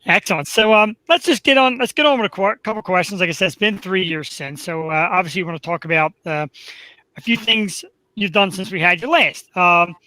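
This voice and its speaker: A man's voice: high-pitched, fairly quick, bright, forceful tone, no room sound, poor audio. A man with a Philadelphia accent hosting a live webcast, chatting in an upbeat, rambling, self-deprecating way. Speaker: podcast host. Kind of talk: casual live webcast chat.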